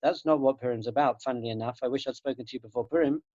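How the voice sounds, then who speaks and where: Over dull, lo-fi video call audio from his home room in Jerusalem, an English rabbi races through an earnest, emphatic spiritual lesson for his students, frequently repeating key phrases. His medium-pitched voice is dark-toned, with no room sound.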